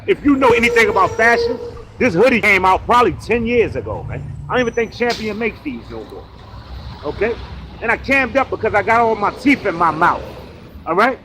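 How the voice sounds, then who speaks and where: Man, taunting confrontational rant, fairly high voice, faint noise behind. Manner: taunting, loud and mocking. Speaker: online commentator in a played clip.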